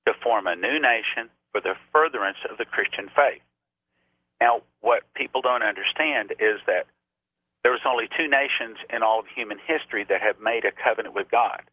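A man's voice: on the low side, no echo. A man preaching on a radio show, telling a story earnestly and raising his voice when he quotes people. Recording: tinny phone-line sound.

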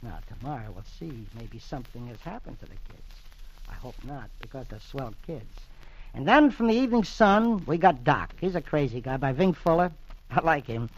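A man's voice: mid-range voice, expressive, normal speed. A man hosting a 1940s-style radio reading of the comics, folksy and chatty, on a lo-fi old radio recording. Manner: folksy, chatty, acts out voices.

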